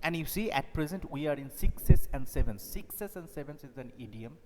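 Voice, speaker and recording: Teacher explaining a play. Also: male voice, a little high, expressive, normal speed. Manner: explanatory, repeats and paraphrases. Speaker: English teacher. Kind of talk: explaining a play in a live class. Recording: echoey hall, faint noise.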